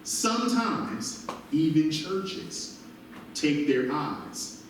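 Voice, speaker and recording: A male pastor preaching an animated sermon, recorded from a distance in a church. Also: on the high side, measured pace, background noise. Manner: animated preaching with call-and-response asides. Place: church sanctuary. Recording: very echoey church from far off.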